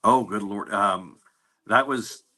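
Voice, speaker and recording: A man in an interview, telling stories about his navy service in a relaxed, anecdotal way with fillers and restarts. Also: on the low side, takes it slowly. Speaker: navy veteran guest. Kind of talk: casual interview storytelling.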